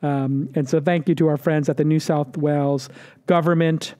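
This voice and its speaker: A man's voice: on the high side, fairly even intonation, normal speed, mellow. A man hosting a casual roundtable show, talking in an upbeat, promotional way and cracking jokes. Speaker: podcast host.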